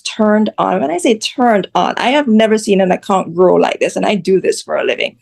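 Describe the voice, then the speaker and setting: A woman's voice: medium pitch, creaky, a little mellow. Blunt woman telling her story. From Jamaica. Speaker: guest. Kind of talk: casual interview chat.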